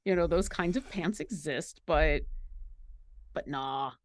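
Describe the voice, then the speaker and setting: A woman chatting casually on a livestream while painting miniatures, playful and full of quick asides. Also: low voice. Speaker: mini painting teacher.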